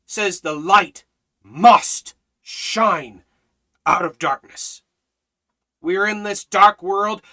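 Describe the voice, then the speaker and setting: A man preaching a fiery sermon, hammering rhetorical questions and swinging between loud exhortation and low, intense emphasis. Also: takes it slowly.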